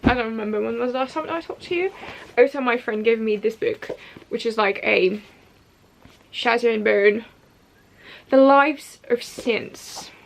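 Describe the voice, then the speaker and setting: A woman's voice: a little high, a little slow, vocal fry, long pauses, slight background noise. A young woman chatting to camera at home about books she bought, scattered and rambling, with asides and restarts. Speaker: book vlogger. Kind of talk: casual chat to camera.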